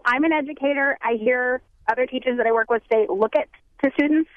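A woman's voice: high voice, quick pace, no room sound. A woman calling into a radio show, a teacher speaking firmly and with strong opinions. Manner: firm, opinionated. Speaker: caller, educator. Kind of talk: radio call-in. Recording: dull phone-line sound.

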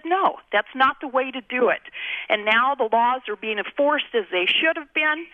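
A woman's voice: a little high, dry recording. A woman making her points firmly and emphatically as a radio guest. Her voice reaches the listener through a thin, tinny phone line, and it sounds dry and close. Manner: emphatic, insistent. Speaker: guest on a radio call-in show. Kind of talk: firm debate talk on air.

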